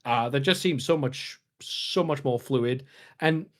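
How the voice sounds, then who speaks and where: A man's voice: mid-range voice, a little slow. Man explaining game strategy at length. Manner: explains at length, many filler restarts. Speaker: podcast co-host. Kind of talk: casual gaming podcast chat.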